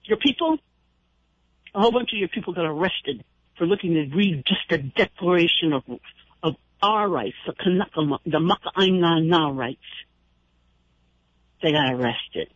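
A man's voice: a little high, lively intonation, moderate pace, fairly bright tone, no echo. A man hosting a call-in radio show, speaking in an impassioned, indignant, rambling way with frequent restarts. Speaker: radio talk show host. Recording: dull lo-fi radio broadcast.

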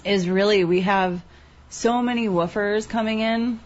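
In a mid-range, darkish voice, steady and measured, a youth agriculture program coordinator chats about her youth farm program for a casual radio talk interview. She's enthusiastic, uses lots of fillers, and the lo-fi recording sounds dull, with faint ambience and a little hiss or hum.

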